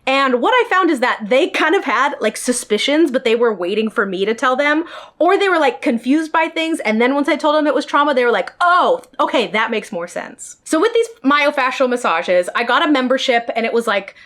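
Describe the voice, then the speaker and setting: A woman's voice: sits high, expressive, fairly quick, fairly bright tone. A woman telling a personal story in a storytime vlog, speaking directly to her viewers. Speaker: vlogger.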